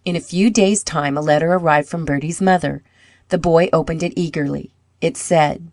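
A woman reading a children's storybook aloud, clear and measured. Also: low-pitched, darkish tone, no echo, studio quality.

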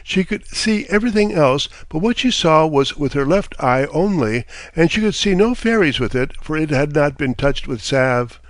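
A man reading a fairy tale aloud in a measured, steady storytelling manner. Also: fairly high pitch, dry recording. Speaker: narrator.

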